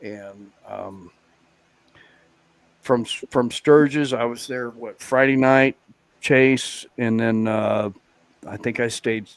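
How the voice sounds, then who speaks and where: A man's voice: mid-range voice, steady tone, slow pace, long pauses, no room sound. A man with a middling voice tells a loose, rambling road story on a live stream, dropping "you know" every few words. The sound is dry and close, with no room around it. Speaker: guest biker. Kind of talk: casual live-stream chat.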